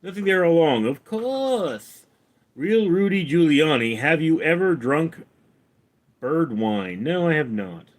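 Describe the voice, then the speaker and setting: A man hosting a casual livestream, reading out viewers' names and comments and answering them, calling the names out louder and higher than his replies. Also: sing-song, a little slow. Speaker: streamer reading viewer chat; actor.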